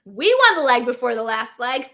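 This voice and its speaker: A woman with a bright, fairly high voice co-hosts a casual recap chat. She is chatty and self-deprecating and keeps slipping in quick asides. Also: expressive. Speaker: co-host, former race winner.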